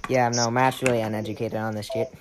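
A man's voice: mid-range voice, little pitch movement, fast talker, background noise. A man hosting a podcast in casual, joking chat, blunt and swearing freely. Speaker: podcast host.

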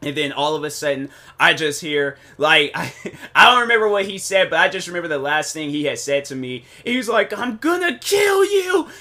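A man's voice: fairly high pitch, lively intonation, brisk, bright, forceful tone. A young man hosting a podcast, telling a story in a casual, rambling way, full of restarts and "so anyways" asides. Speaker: podcast host.

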